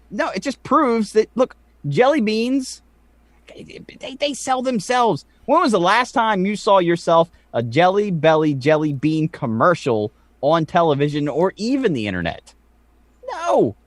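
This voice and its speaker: Animated man hosting a podcast. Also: high-pitched, measured pace, dry recording. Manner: animated, swearing, excitable. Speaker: podcast co-host. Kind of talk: casual chat.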